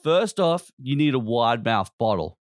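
A man's voice: medium pitch, sing-song, a little slow, dry recording, studio quality. A man hosting a podcast, ranting in a casual, blunt and constantly profane way. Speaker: podcast host.

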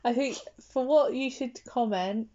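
Woman, podcast co-host, giggly, teasing, mellow voice, dull lo-fi recording. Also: a little high, unhurried. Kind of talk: casual chat.

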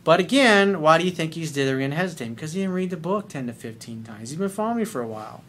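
Profane middle-aged male dating coach, blunt and animated, fairly high voice. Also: fast talker, slight background noise. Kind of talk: advice monologue.

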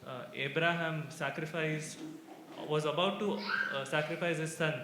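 A man talks through his thoughts at a church gathering, his slightly high voice stumbling over fillers and restarts. The recording is echoey, with a steady wash of background noise and room ambience. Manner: halting, many fillers and restarts. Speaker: church speaker. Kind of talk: casual sermon-style talk.

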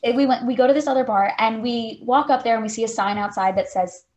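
A woman's voice: on the high side, fast talker, a little mellow, muffled recording, a little hiss or hum. A young woman in her twenties co-hosting a podcast, telling a story casually and saying "like" constantly. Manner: chatty, fills speech with "like". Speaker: podcast co-host.

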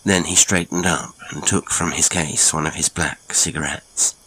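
A man narrating a classic adventure story in a measured, dramatic storytelling manner. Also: a bass voice, steady tone, noisy background. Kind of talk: scripted audiobook narration.

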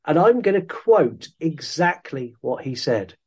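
A man's voice: on the high side, very animated, unhurried, husky. A man co-hosting a podcast in casual chat, bringing up news items with enthusiasm. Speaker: podcast co-host.

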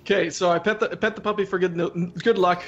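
A man's voice: sits high, fairly even intonation, quick pace, highs cut off, soft background music. A man playing a tabletop game, eagerly cheering on his rolls. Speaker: player. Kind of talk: casual tabletop game chat.

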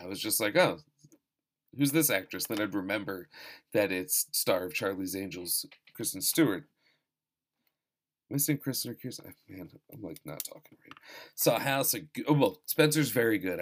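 A man hosting a casual film-review talk, rambling and self-deprecating, with profane asides and frequent restarts. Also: fairly low pitch. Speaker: podcast host reviewing films. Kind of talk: casual chat.

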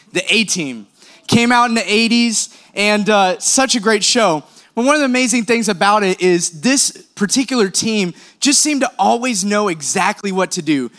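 Upbeat high-voiced man preaching. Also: a bit bright. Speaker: speaker. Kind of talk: sermon.

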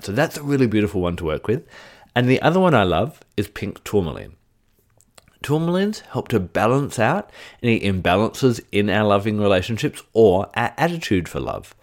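A man's voice: on the low side, a little mellow. A middle-aged man teaching in a casual, chatty way, with light joking asides. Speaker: crystal teacher. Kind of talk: casual teaching chat to camera.

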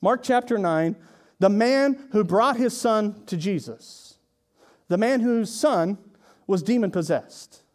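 A male pastor preaching a sermon in a conversational way, with sarcastic asides, swinging from hushed lines to emphatic ones. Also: high voice, expressive, takes it slowly.

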